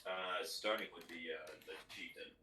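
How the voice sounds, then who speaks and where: A man's voice: deep voice, moderate pace, pushed and bright, slight background noise. A man playing a tabletop game, talking in a dry, wry way. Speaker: player.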